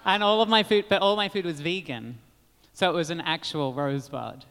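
A man with an Australian accent, chatting as a guest in an animated, giggly way and slipping into impressions. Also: fairly high pitch, a little fast, smooth, in a large hall. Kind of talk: casual podcast chat.

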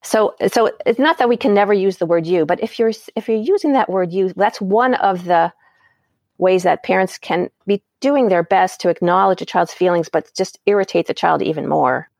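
A woman's voice: mid-range voice, moderate pace, vocal fry, darkish tone, no room sound, studio quality. A woman parent educator as an interview guest, explaining ideas and acting out example phrases with light laughs.

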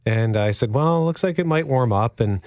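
A man's voice: mid-range voice, animated, fairly quick, darkish tone, no echo. Radio guy rambling on, lots of restarts, dry studio sound. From Canada. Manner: rambling, self-deprecating, many restarts. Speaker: radio show host. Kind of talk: casual radio talk. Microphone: studio microphone.

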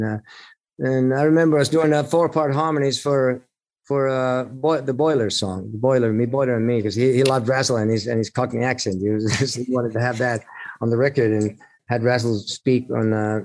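Gravelly-voiced man rambling through a story. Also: medium pitch. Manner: rambling, halting with frequent restarts and laughs. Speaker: musician guest. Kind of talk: storytelling in an interview.

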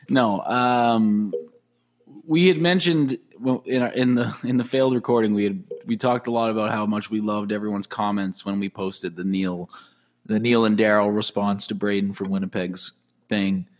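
A man's voice: lowish voice, fairly even intonation, moderate pace. A man co-hosting a casual podcast, friendly and thoughtful. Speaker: podcast co-host. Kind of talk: casual chat.

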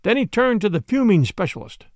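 A man's voice: high-pitched, sing-song, a little fast, darkish tone, dry recording, studio quality. A man reading a story aloud as narrator, telling it expressively. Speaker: audiobook narrator. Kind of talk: scripted narration.

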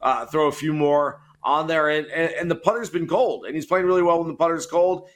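A man appearing as a guest golf analyst in a casual interview, confident and opinionated. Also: a little high.

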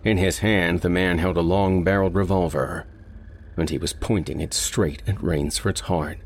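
Man, audiobook narrator, very deep voice, husky, steady deliberate reading. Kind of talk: audiobook reading of a short story.

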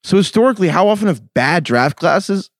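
A man's voice: sits high, animated, brisk, no echo, studio quality. A man hosting a podcast, joking around and reading listener emails aloud in casual chat. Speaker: podcast host.

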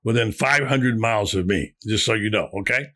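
A man hosting a sports talk show, bantering with a gruff, exasperated, wisecracking manner. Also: lowish voice, fairly quick, a bit bright. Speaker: sports radio host.

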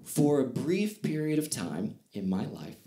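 A man's voice: medium pitch, very animated, measured pace, warm tone, roomy sound. A man doing stand-up comedy on stage, telling stories in a loose, conversational way. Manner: conversational storytelling with fillers and asides.

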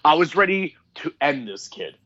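A man in his thirties co-hosting a podcast, telling profane, animated stories in casual chat and mimicking people as he goes. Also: fairly high pitch, normal speed, highs cut off. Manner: profane, animated storytelling with mock voices. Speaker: podcast co-host.

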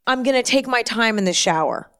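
A woman hosting her own show, talking alone in a chatty, rambling way with quick self-deprecating asides. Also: fairly high pitch, lively intonation, a bit bright, clean tone. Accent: put-on New York twang at times. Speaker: podcast host. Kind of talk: casual solo chat.

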